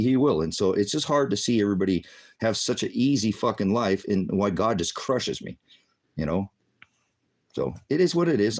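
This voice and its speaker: Older man, low voice, bitter profane vlog rant, tired and worn down. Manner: profane, bitter, swinging between shouting and muttering. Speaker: vlogger. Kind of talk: angry personal rant.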